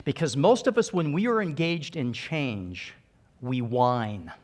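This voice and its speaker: A man's voice: mid-range voice, animated, slow pace. A middle-aged man speaking earnestly and emphatically as a conference speaker, giving a motivational keynote to a live audience.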